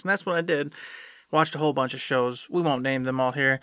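A man's voice: mid-range voice, brisk, bright, forceful tone, clear, resonant tone, dry recording, studio quality. A man co-hosting a podcast, rambling enthusiastically through his week in casual chat. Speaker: podcast co-host.

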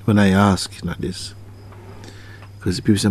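This male teacher gives a spiritual talk in a deep, unhurried voice that barely shifts in pitch, slightly mellow with a breathy edge. He poses probing questions, repeats his phrases often, and voices the people he quotes.

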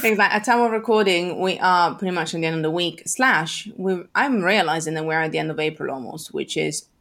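Chatty podcast host woman, low voice. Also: a little fast, a bit bright. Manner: chatty, upbeat, rambling with restarts. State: over-caffeinated and tired. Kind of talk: casual podcast chat.

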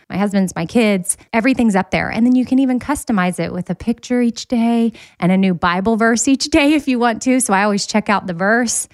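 Woman podcast host, chatty and animated, close dry mic, everyday mid pitch. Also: no room sound. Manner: chatty, animated storytelling with quick asides. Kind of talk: casual chat.

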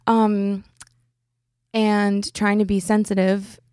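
A young adult woman hosts a podcast, telling a personal story casually and chattily, full of "like" fillers. Her medium-pitched voice is level, slow, a little mellow, clear and resonant, in clean studio sound with no room sound.

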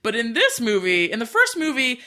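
A podcast co-host recapping a film's plot in relaxed casual chat. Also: medium pitch, a little fast. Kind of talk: casual movie review chat.

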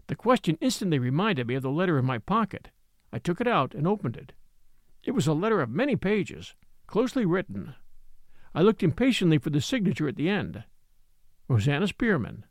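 A man narrating a classic novel in the first person, expressive and wry. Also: fairly high pitch, fairly quick, no room sound, clean studio sound. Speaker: audiobook narrator. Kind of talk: scripted narration.

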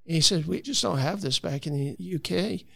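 A man's voice: on the high side, normal speed, gravelly, pushed and bright, husky, no room sound. A man from Florida, a conservation advocate, telling stories earnestly in a conversational interview with frequent restarts. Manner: earnest, storytelling with many restarts.

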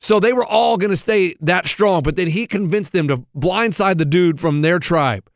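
High-voiced incredulous male radio cohost. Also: normal speed, no echo, studio quality. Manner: animated storytelling, incredulous. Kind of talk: casual studio banter.

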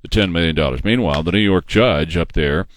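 A man's voice: low voice, fairly quick, no room sound. A man hosting a talk radio news show, reading stories and giving sarcastic, opinionated commentary. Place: radio studio. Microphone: studio microphone.

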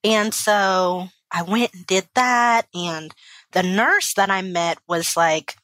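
A woman's voice: medium pitch, slow pace, a bit bright, no room sound. A woman in her thirties, a kindergarten teacher telling her personal story as an interview guest, candid and emotional, with many fillers and restarts. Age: 30s.

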